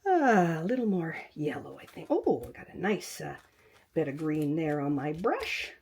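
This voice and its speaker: A woman's voice: deep voice, very animated, moderate pace, darkish tone, slightly rough. An older woman hosting a casual quilting tutorial from her home craft room on a webcam, chatting and talking to herself as she works, sometimes dropping into a whisper. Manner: chatty, talks to herself while working, drifts into whispers.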